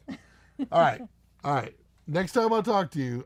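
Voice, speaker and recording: Gravelly man rambling on a live stream. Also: a little high, sing-song, a little slow, long pauses, dry recording. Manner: rambling, teasing, laughs often. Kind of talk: casual live chat, reading viewer comments.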